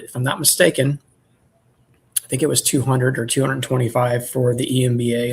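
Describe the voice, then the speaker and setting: A man who keeps bees, telling a story in relaxed, rambling chat and clearing his throat often. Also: medium pitch. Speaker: beekeeper selling nucleus colonies.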